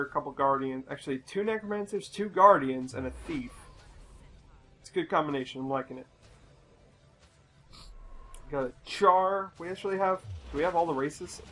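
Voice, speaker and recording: Recorded with poor audio, this young man from the US has a slightly high, bright, forceful voice. He gives rambling, casual commentary on a game, full of profanity and frequent exasperation.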